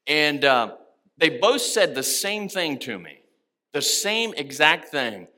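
A man preaching a sermon with passion, acting out quiet prayers and rising to near shouts on key lines. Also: on the high side, big pitch swings, takes it slowly. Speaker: pastor.

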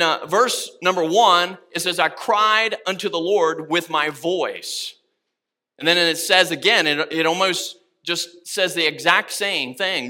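Male pastor, high and very bright voice, impassioned sermon, swings from hushed to loud. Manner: impassioned, rising to shouts on key words.

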